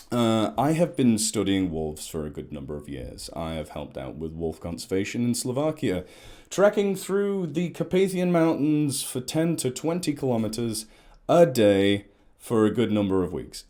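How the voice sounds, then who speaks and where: A man's voice: medium pitch, warm tone. A man, an ecologist chatting at length and in a rambling way as he explains to camera.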